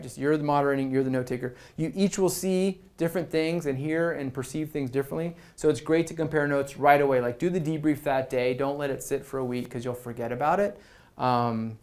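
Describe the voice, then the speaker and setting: Energetic man giving a meetup talk. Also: on the high side. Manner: energetic, conversational, acts out quoted lines. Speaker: product management speaker. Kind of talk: meetup presentation to a live audience.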